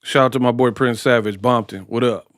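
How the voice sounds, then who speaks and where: A man's voice: medium pitch, fairly even intonation, a little fast, fairly bright tone, no echo, studio quality. A man giving casual watch-party boxing commentary in a slangy, joking way. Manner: slangy, joking, breaks into impressions.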